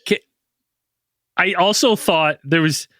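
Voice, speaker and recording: Bright, joking podcast host. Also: male voice, high-pitched, slow pace, no echo, clean studio sound. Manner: laid-back, joking, laughs often. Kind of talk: casual chat.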